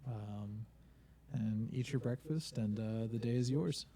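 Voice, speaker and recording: A man narrating a tabletop game as game master, relaxed and hesitant with many fillers. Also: medium pitch, measured pace, slight background noise.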